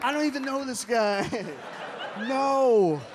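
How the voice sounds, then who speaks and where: Stand-up comic, male, higher voice, animated delivery, live club mic with an audible noisy room. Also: takes it slowly. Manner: animated, punches lines up with shouts. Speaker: stand-up comedian. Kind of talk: stand-up comedy set. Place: comedy club stage with live audience. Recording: club crowd laughter and room noise.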